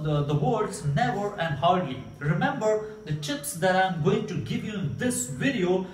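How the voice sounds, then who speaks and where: A man's voice: high-pitched, recorded from a distance. Indian man teaching English grammar. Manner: explains slowly, repeats example sentences with emphasis. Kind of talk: grammar lesson to camera. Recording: echoey room, mic set back, faint hiss.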